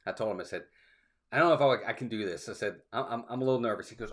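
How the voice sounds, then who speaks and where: Racing along in a mid-range voice, a theme park livestream co-host chats casually and tells a rambling tale. He quotes various people and acts out both their words and the ride movements.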